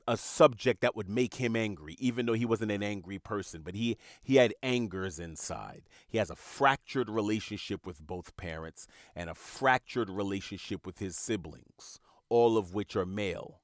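A man's voice: fairly low pitch, normal speed, no room sound, clean studio sound. A man hosting a podcast, talking in an earnest, reflective monologue and repeating words as he searches for them. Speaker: podcast host.

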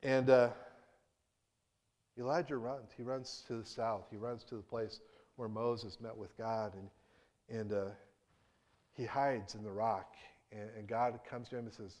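A man preaching a sermon in a conversational way, with restarts and acted-out quotes, moving between hushed and emphatic. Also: mid-range voice, steady tone, a little slow, long pauses.

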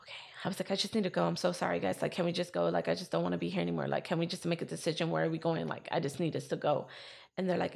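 A woman's voice: on the low side, racing, creaky. A woman telling a personal story in casual chat, acting out what she and others said. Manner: animated retelling, acting out her own quotes.

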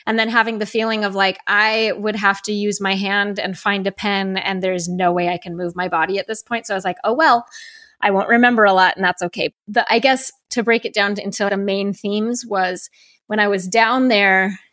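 Her voice is medium-pitched, steady and a bit bright, moving at a moderate pace as this podcast host reflects on something she lived through, speaking her thoughts as quotes. Clean studio sound, with no room sound.

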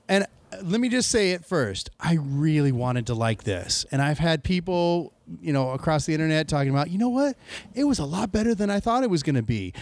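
A man's voice: high voice, no room sound. A man co-hosting a casual podcast, ranting with sarcasm and plenty of swearing. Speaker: podcast co-host. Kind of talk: casual chat.

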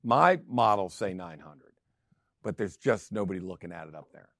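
Emphatic low-voiced man. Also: lively intonation, moderate pace, no echo, studio quality. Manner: emphatic and repetitive, drives points home. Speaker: real estate team CEO hosting a show. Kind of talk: casual talk show monologue.

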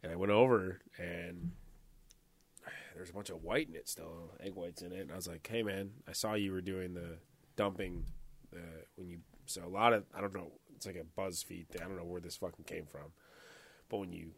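A man's voice: low voice, normal speed, gravelly, husky. A man co-hosting a podcast, telling rambling, profane stories in casual chat, full of fillers. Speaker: podcast co-host.

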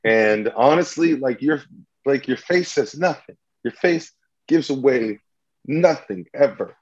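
A man's voice: medium pitch, expressive, a little slow, highs cut off. A man hosting a podcast game, playful and teasing as he talks. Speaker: podcast host running a game. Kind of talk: casual chat.

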